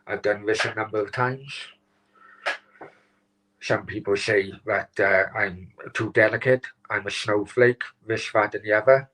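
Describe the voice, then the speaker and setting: A man hosting his own live stream, upset and close to tears, talking haltingly with many restarts and some swearing. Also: lowish voice, steady tone, fairly bright tone, rough recording. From Wales. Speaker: channel host.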